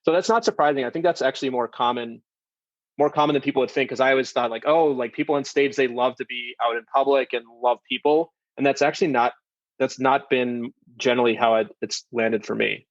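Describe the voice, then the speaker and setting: Male podcast host, mid-pitched, talkative and loose, on slightly muffled audio. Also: a little fast, no room sound. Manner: chatty, rambling with restarts. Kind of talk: casual interview chat.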